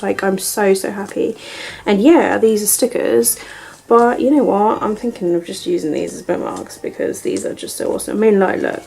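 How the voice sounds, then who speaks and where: A young British woman vlogging an unboxing and book haul, gushing and excitable, sometimes dropping to a breathy whisper of delight. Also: medium pitch, slight background noise, low-quality recording.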